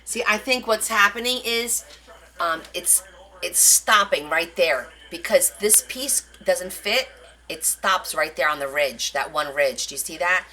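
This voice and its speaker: A woman's voice: fairly low pitch, animated, a little slow, pushed and bright, rough recording. A woman hosting a live craft stream, chatting casually with her viewers and answering their comments as she demonstrates. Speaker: craft livestream host.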